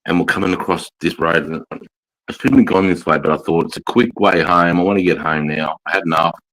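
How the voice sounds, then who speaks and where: A low-pitched Australian man chats casually, telling stories in a laid-back, profane way. His voice sits deep in the lower range for a man. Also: a little fast, a bit bright, low-quality recording. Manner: swearing, laid-back yarn-spinning. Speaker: podcast co-host. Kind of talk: casual chat.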